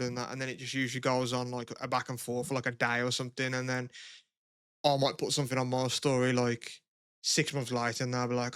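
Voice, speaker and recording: A man's voice: medium pitch, level tone, a little fast, fairly bright tone, clear, resonant tone, no echo, studio quality. A man co-hosting a podcast, chatting casually and rambling, with lots of swearing and filler words. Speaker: podcast co-host. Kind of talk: casual chat.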